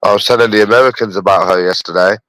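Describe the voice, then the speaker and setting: A man's voice: on the low side, steady tone, rapid-fire, a bit bright, no room sound, poor audio. A young man with a London accent, chatting casually and bluntly to his livestream viewers, swearing often and calling them bro. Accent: London English. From England.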